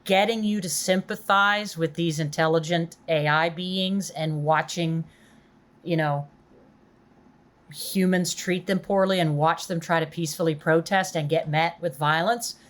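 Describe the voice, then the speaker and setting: Chatty woman with a low voice. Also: fairly even intonation, a little slow. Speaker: podcast guest. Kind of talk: casual chat.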